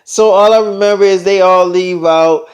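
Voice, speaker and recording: A man's voice: high voice, steady tone, moderate pace. A young man telling a long made-up story in a loose, rambling way, full of fillers and swearing. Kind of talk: casual storytelling.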